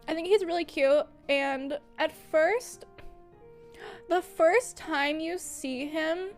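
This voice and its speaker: Her voice sits high and she speaks slowly, with faint music in the background. Chatting casually on a livestream, this young woman gushes with lots of fillers and frequent giggles.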